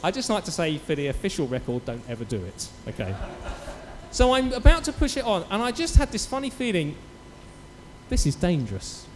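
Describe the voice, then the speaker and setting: A man preaching a sermon in church, telling a story with lively acted-out quotes. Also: sits high, a little fast, long reverb tail, slight background noise. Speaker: pastor.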